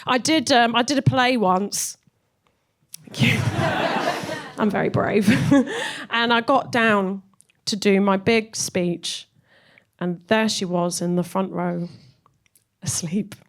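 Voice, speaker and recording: A woman's voice: fairly high pitch, takes it slowly, background noise. A young woman from Cornwall, doing a stand-up set full of chatty, self-deprecating asides. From Cornwall, England. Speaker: stand-up comedian.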